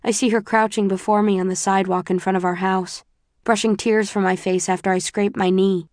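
A woman narrating a first-person audiobook in a measured, subdued way. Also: mid-range voice, level tone, darkish tone, no room sound, clean studio sound.

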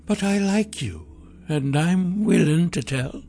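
A man voicing a tall, mysterious woman in black robes who is over a hundred years old, warm and soothing. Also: sits high, animated, slow, pitched above the performer's own voice, heavily acted. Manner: gentle, coaxing.

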